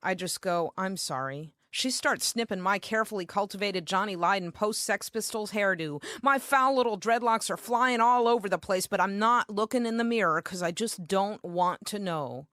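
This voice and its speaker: A woman's voice: mid-range voice, normal speed, few pauses, a bit bright, dry recording, clean studio sound. A woman performing a brash, comic, profane spoken-word story as a performance poet.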